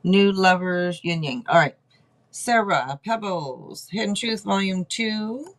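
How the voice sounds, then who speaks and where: A woman's voice: mid-range voice, takes it slowly. A woman hosting a casual livestream tarot reading, chatty, thinking aloud and laughing often. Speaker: tarot reader host.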